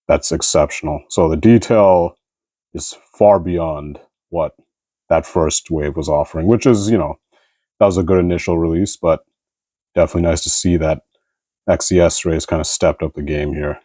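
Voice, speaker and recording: Low, mellow-voiced man reviewing figures. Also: dry recording. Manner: relaxed, rambling, frequent fillers. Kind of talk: casual product review.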